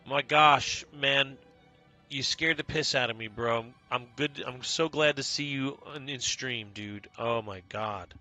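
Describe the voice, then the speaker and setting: A live streamer chats casually with viewers during a game stream, greeting them by name, getting excitable and swearing freely. He has a gravelly, mid-range male voice.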